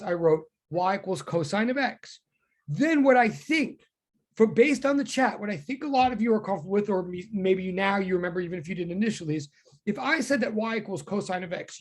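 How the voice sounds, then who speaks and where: A woman teaching a physics class online, talking in quick self-correcting bursts. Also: medium pitch, a little mellow, breathy edge.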